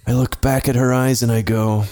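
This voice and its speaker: A man's voice: mid-range voice, flat delivery, moderate pace, mellow. A young man telling a long, profane story to friends, laughing often and acting out the voices of the people in it. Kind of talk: casual storytelling.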